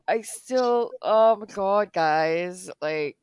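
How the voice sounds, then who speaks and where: A woman's voice: mid-range voice, drawn-out words, a little mellow, clean tone. A woman from the Balkans in casual podcast chat, telling stories animatedly and slipping into put-on voices.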